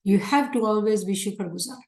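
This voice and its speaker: Speaking a little fast at medium pitch, a woman with a darkish tone teaches scripture amid reverberation. She lectures with earnest emphasis and tends to repeat what she's said.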